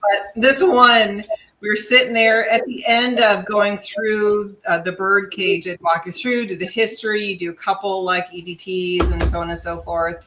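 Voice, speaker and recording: A woman's voice: mid-range voice, steady tone, normal speed, bright, forceful tone, soft background music, poor audio. A woman who is a guest on a paranormal podcast, chatting casually, agreeing often and acting out her own reactions in her stories. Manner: chatty, many agreeing yeahs, acts out quoted reactions.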